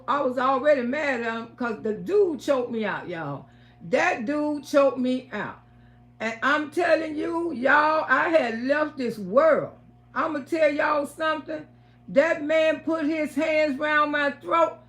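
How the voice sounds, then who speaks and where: Lady live streaming, high voice, acting out everybody in her story, cusses a lot. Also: fairly bright tone. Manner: dramatic retelling, acts out quoted voices, swears. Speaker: livestream host. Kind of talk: casual storytelling to viewers.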